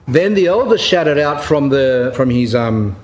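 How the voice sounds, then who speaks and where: A man's voice: big pitch swings, unhurried, a little mellow. A man giving an informal sermon, telling anecdotes in a conversational, emphatic way and paraphrasing a written account as he reads it. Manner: conversational, emphatic, rising pitch when stressing points. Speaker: Orthodox Christian speaker giving a talk.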